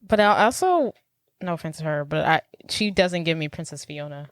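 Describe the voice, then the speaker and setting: A woman's voice: sits low, animated, normal speed, no echo, studio quality. A young woman co-hosting a movie podcast in casual chat, rambling and thinking aloud. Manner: rambling, thinks aloud, lots of "like" and "I don't know". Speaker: podcast co-host.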